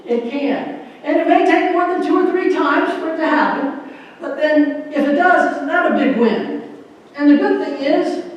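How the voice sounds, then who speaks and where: A man with a very high voice gives an earnest, folksy stage talk to a church audience, performing a magic trick and joking with the crowd. He's a magician and motivational speaker, and the lo-fi recording sounds distant in an echoey hall.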